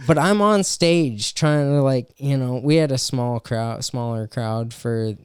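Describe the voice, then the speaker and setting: A man's voice: mid-range voice, unhurried. A young adult man telling a story in casual podcast chat, swearing often and full of fillers. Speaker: podcast co-host and stand-up comedian.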